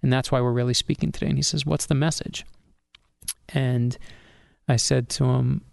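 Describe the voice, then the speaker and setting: Gravelly-voiced man telling a story. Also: medium pitch, moderate pace, pauses often, dry recording, clean studio sound. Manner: animated storyteller, acts out dialogue. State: getting emotional. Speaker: author and guest. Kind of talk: storytelling in an interview.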